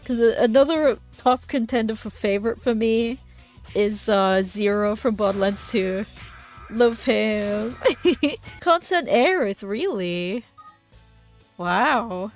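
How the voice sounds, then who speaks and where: A woman's voice: fairly high pitch, takes it slowly, faint music behind. Giggly young woman streaming games. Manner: giggly, animated, swears freely. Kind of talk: casual game stream chat.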